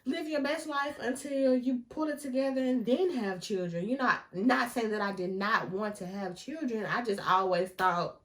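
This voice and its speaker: A young woman telling a casual storytime vlog, animated and often laughing, talking straight to her viewers. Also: on the high side, normal speed, hardly any pauses. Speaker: vlogger.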